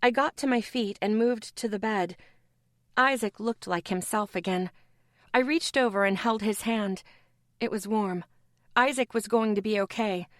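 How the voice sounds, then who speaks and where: Steady woman narrating an audiobook. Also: medium pitch, a little slow, no room sound, studio quality. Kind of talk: scripted first-person narration.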